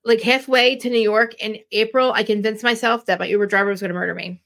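A woman's voice: medium pitch, fast talker. A woman hosting a podcast, chatting casually and ranting about reality TV, rambling with many restarts. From New Jersey. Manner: rambling, animated, rants with frequent restarts. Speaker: podcast host. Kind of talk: casual chat.

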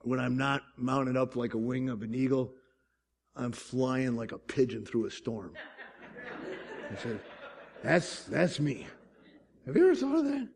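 Gravelly man preaching with swings from loud to hushed. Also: mid-range voice, very animated, moderate pace. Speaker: pastor. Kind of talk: sermon.

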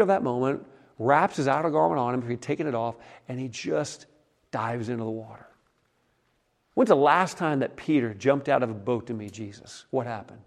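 A medium-pitched, creaky-voiced man preaches a sermon as a pastor. He retells stories casually and conversationally, often dropping down to a soft hush.

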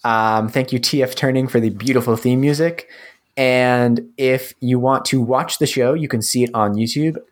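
A man's voice: medium pitch, fairly even intonation, normal speed. A man hosting a podcast, chatting casually and reading the outro. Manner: easygoing, reads the show outro. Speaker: podcast host. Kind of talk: casual chat.

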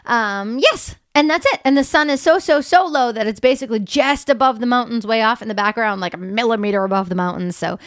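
Woman in her thirties, chatty and rambling, a bit higher pitched, dry close sound. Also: a little fast, hardly any pauses, no room sound. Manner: chatty, rambling with many fillers. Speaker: podcast co-host, dog photographer. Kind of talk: casual chat.

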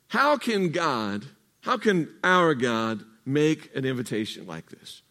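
A man's voice: mid-range voice, very animated, slow, bright, forceful tone. A man preaching a sermon to his congregation, calling for responses and drawing out key phrases for emphasis. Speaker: pastor. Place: church sanctuary.

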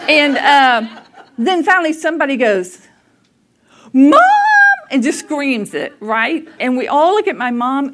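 A woman speaks in a high, bright voice. She is middle-aged and tells a family story to a church crowd. She talks animatedly, laughs often and acts out what people said. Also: slight background noise. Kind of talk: storytelling talk to a church audience.

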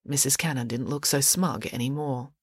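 A woman author reading her children's mystery story aloud for a podcast, clear and expressive. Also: a bass voice, normal speed, dry recording, clean studio sound. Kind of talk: storybook narration.

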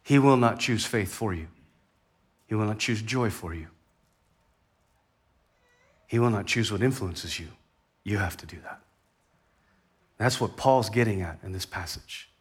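A man preaching a sermon in a conversational way, rising in intensity and then dropping to a hushed tone. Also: fairly low pitch, measured pace, long pauses, husky. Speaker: pastor.

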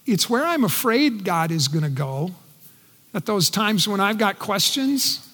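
A man preaching a sermon in earnest, his voice dropping soft and quiet when he speaks quoted words. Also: high-pitched, sing-song, unhurried. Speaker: pastor. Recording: long reverb in a large hall.

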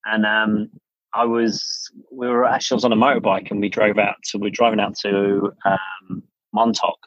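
English man, middle-aged, husky, low-pitched, chatty storyteller. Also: little pitch movement, moderate pace, fairly bright tone, no echo. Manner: chatty, restarts sentences, laughs while telling stories. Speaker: studio founder, podcast guest. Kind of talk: casual interview storytelling. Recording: dull lo-fi podcast audio.

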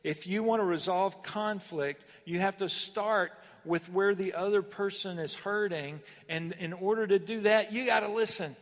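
High-voiced emphatic male preacher. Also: in a large hall. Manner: animated preaching, emphatic rises and pauses. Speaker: pastor. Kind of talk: sermon.

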